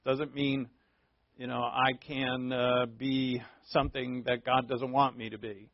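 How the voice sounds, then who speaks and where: A man teaching a Bible class in a conversational way, stressing points by repeating them and often pausing on fillers. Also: mid-range voice, level tone, dry recording. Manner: conversational, repetitive emphasis, frequent fillers. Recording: dull, dry, lo-fi recording.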